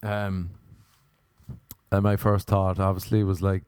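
A man's voice: low-pitched, flat delivery, unhurried, pauses often, darkish tone, no room sound. A man with an Irish accent telling a rambling comic rant, swearing freely and mocking people. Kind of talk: casual comedic rant.

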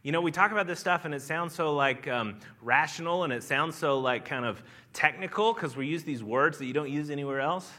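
A man with a regional Southern American accent preaches a church sermon in an earnest, conversational manner. His voice sits high and sounds bright and forward. He restarts phrases and then swells into emphatic lines. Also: brisk, hardly any pauses. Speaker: pastor. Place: church sanctuary.

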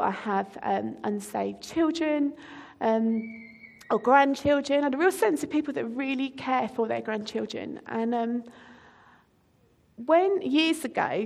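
A woman's voice: high-pitched, vocal fry, in a large hall. A middle-aged woman preaching a sermon, telling a personal story in a conversational way with frequent ums. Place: church hall.

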